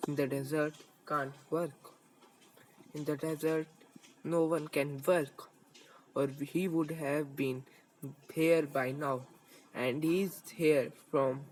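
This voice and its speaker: A man teacher, reading a story aloud and pausing to explain word meanings for his class in a halting, repetitive way. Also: on the high side, poor audio. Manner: slow, halting, repeating and paraphrasing lines.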